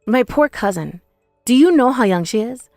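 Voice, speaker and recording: A woman's voice: on the high side, expressive, normal speed, a little mellow, no echo, clean studio sound, faint music behind. A young woman telling a first-person dramatized story in an indignant, accusing manner. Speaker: narrator and protagonist.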